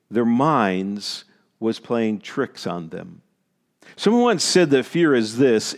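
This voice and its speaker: Middle-aged male pastor from Maritime Canada, mid-pitched voice, storytelling sermon with repeated emphatic phrases.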